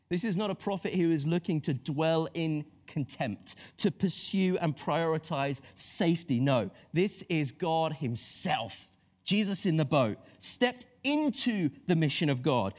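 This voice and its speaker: A man delivers a sermon in an animated storytelling manner. He jumps into the voices of the story's characters and then drops back to earnest teaching. His voice sits slightly higher than most men's. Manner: animated storytelling, acts out voices of biblical figures. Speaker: preacher.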